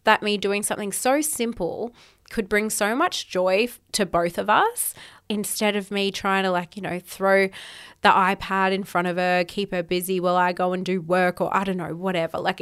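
A woman's voice: medium pitch, fairly bright tone, clear, resonant tone. A young woman hosting a podcast, talking casually in a chatty monologue full of 'like' fillers and the odd swear word. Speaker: podcast host.

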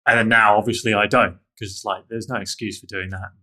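A man's voice: lowish voice, flat delivery, fast, bright, forceful tone. A man telling a candid, self-critical personal story in an interview, with frequent restarts.

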